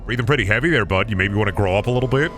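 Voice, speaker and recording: A man's voice: lowish voice, very fast, a bit bright, a little hiss or hum. A young man streaming a game, chattering goofily and crudely to his chat. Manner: goofy, crude, talks to chat. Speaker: gaming streamer. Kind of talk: casual game commentary.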